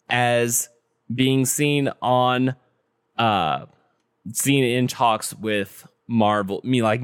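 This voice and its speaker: A man hosting a casual podcast chat, giving news updates in a relaxed way with lots of ums and restarts. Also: medium pitch, smooth, dry recording, clean studio sound. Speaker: podcast host.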